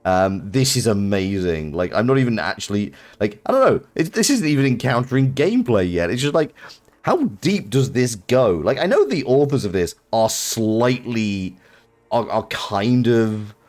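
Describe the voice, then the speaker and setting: A man's voice: medium pitch, sing-song, moderate pace, a little mellow. A British man streaming a video game live, reacting with amused laughter. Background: faint game music.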